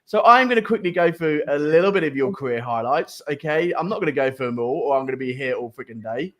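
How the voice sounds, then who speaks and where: A man's voice: on the high side, lively intonation, quick pace, a bit bright. A male talk show host from Cambridgeshire with a Fens English accent, chatting in a jokey, rambling way with lots of restarts. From Cambridgeshire, England. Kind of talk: casual live talk show chat.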